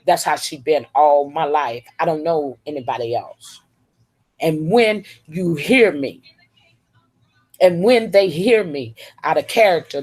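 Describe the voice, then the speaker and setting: Emphatic preachy woman, husky voice. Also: low voice, a little mellow. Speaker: live streamer. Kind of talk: encouraging testimony.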